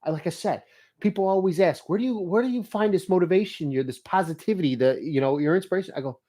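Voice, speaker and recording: A middle-aged man talks straight to his viewers in a loose, animated vlog monologue. He jumps between reading notes aloud and telling funny stories, with casual swearing, and his voice sits a little higher than most men's. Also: quick pace. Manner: animated storyteller who swears and laughs freely. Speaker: motivational vlogger.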